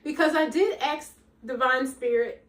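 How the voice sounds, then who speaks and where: Loud, commanding high-voiced woman coach. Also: unhurried, far from the mic. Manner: emphatic, preacherly, calls listeners "baby" and "girl"; self-described loud, commanding voice. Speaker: life coach. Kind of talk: motivational talk.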